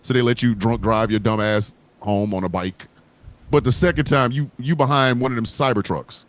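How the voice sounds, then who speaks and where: A man hosting a casual livestream chat, talking in an animated, profane way and riffing with comic voices. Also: medium pitch, normal speed, dry recording. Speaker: host.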